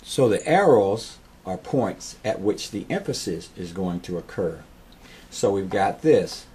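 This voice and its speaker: A man's voice: low voice, lively intonation, a little slow. A man teaching a guitar strumming lesson, patiently calling out the strokes while he plays. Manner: patient, counts strums aloud over guitar.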